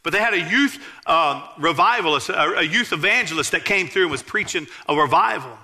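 A man, preaching a sermon as pastor in a church, earnestly emphatic and dropping low to tell stories. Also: animated, fairly quick, bright, forceful tone. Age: 40s.

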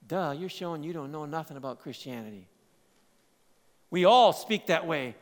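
A man preaching a sermon, swinging between loud emphatic lines and quiet, low asides. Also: animated, brisk. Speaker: pastor. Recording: long hall reverb.

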